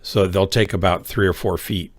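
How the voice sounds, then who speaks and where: A man's voice: low voice, steady tone, moderate pace, faint music behind. A man streaming a game and telling a rambling story in casual chat, full of fillers and restarts. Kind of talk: casual chat while gaming.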